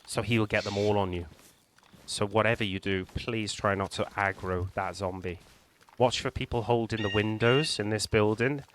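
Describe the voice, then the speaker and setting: A man with a fairly low voice narrates a survival game walkthrough in a calm, explanatory way, stopping to restart his sentences now and then. A faint hiss of noise sits under the recording. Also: normal speed. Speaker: gaming channel host. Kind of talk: gameplay walkthrough commentary.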